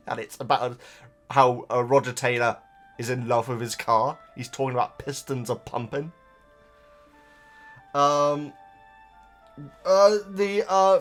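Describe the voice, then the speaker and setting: A man chats casually as he reads comments out loud, wandering off topic and cutting himself short with laughs. His voice sits mid-range but swings around a lot. Soft music plays faintly underneath. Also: medium pitch. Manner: rambling, self-interrupting, laughs often. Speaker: host reading viewer comments. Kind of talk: casual chat to camera.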